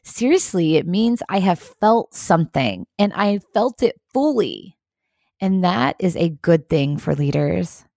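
A woman hosting a leadership video series, giving an earnest, encouraging, measured motivational talk. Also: lowish voice, expressive, gravelly, mellow, no echo, studio quality. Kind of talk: scripted motivational talk to camera.

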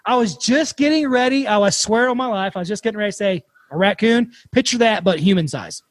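A man hosting a podcast, telling a campfire story in a casual, animated way and swearing freely. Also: high voice, fairly quick, no echo. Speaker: podcast host.

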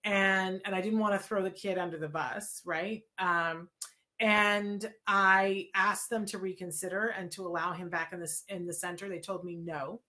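A middle-aged woman, a guest in an interview, telling a personal story in a lively way, acting out what people said and restarting her sentences. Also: mid-range voice, normal speed. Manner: lively retelling with quoted dialogue and restarts.

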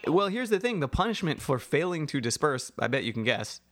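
A man's voice: a little high, very animated, brisk, fairly bright tone. A man co-hosting a casual chat, wry and often laughing as he explains things. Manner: wry, laughing, breaks into mock voices.

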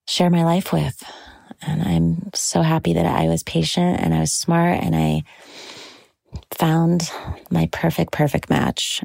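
Low, gravelly-voiced young woman gushing. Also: dark tone, dry recording, studio quality. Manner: gushing, slow and drawn-out with frequent "like". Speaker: bride promoting her docuseries. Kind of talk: casual personal talk to camera.

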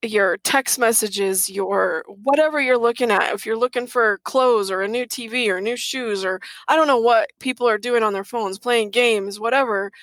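A middle-aged woman talks as an interview guest, earnest and emphatic, leaning on repeated words to drive a point home. Her voice sits a little high, and the recording is dry and close. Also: normal speed, few pauses, fairly bright tone, no room sound. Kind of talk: casual interview chat.

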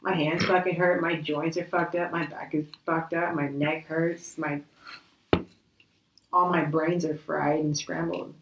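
A woman chats bluntly and swears freely, her voice sitting on the low side. She is heard from some distance off the mic, in a roomy, echoey space. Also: flat delivery, measured pace, noisy background. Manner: blunt, profane. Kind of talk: casual chat.

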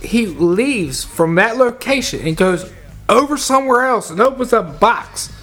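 A man telling a loud, profane work story in casual podcast chat, acting out his coworkers as he goes. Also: very high-pitched, normal speed. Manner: animated storyteller, acts out coworkers, heavy cursing.

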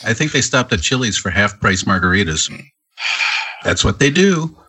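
A man's voice: fairly low pitch, sing-song, moderate pace, bright, forceful tone, breathy edge. A man trading teasing jokes in casual podcast chat, sitting close to his mic. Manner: joking, teasing banter. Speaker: podcast co-host. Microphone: close to a USB mic. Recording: slightly echoey room.

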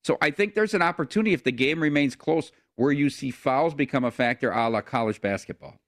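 A man's voice: mid-range voice, fairly quick, dry recording. A man with a mid-range voice hosts a casual betting show in an easygoing way. The sound is dry and close, with no room around it. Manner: easygoing, leads segments, chuckles often. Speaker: sports betting show host. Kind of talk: casual sports betting chat.

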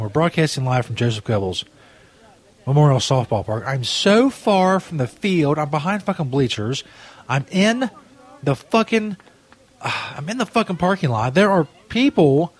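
A man's voice: on the high side, big pitch swings, moderate pace. Exasperated, profane ranting man. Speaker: comedy podcast host playing a frustrated sports broadcaster. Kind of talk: improvised comedy bit.

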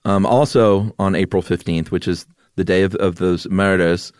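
A man with a fairly low voice, co-hosting a podcast and walking through a story in an easy, casual way. He adds touches of humor as he goes. The sound is dry and close. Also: steady tone, moderate pace, darkish tone, clean tone, no room sound. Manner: recounts events with light humor. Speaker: podcast co-host.

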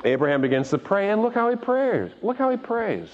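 A man preaching a sermon, animated and restarting words as he speaks, acting out the voices of the people he quotes. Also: sits high, a little fast. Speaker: pastor. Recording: dull recording with long hall reverb.

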